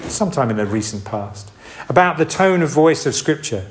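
A man's voice: on the high side, expressive, normal speed. A man giving a casual, rambling sermon. He restarts often and makes asides. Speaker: preacher. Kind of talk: informal sermon.

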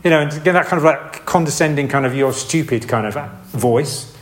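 A man's voice: on the high side, brisk. A man giving a casual, rambling sermon. He restarts often and makes asides. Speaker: preacher. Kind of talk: informal sermon.

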